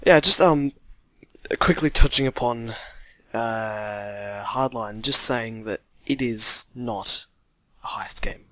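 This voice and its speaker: A man's voice: mid-range voice, takes it slowly, fairly bright tone, no room sound. A young man co-hosting a casual gaming podcast, laid-back and agreeable. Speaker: podcast co-host.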